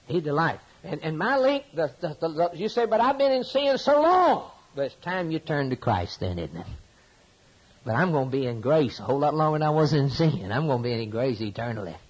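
A man preaching a sermon, building phrases through repetition and swinging between loud emphasis and soft asides. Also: fairly high pitch, lively intonation, brisk, breathy edge, low-quality recording. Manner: impassioned, preaching with rising and falling emphasis and repetition.

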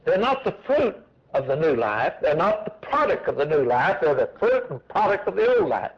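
A man's voice: a little high, sing-song, moderate pace, muffled recording. A man preaching a sermon with an emphatic, repetitive cadence, asking and then answering his own questions.

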